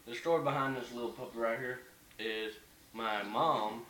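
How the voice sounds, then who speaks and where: A man's voice: medium pitch, moderate pace, bright, forceful tone. A young man ranting in a casual home vlog, heated and profane, rambling as he goes. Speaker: vlogger. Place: bedroom at home. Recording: echoey room, mic at a distance, faint hiss.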